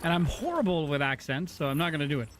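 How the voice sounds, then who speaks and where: Male game streamer, excitable and rambling, slightly high voice, faint hiss behind. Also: fast talker. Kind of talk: casual gaming stream chat.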